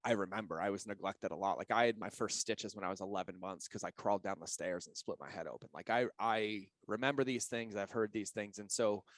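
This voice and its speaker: A man's voice: lowish voice, dry recording. A man speaking as a podcast guest, earnest and open as he shares personal stories with feeling. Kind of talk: candid interview talk.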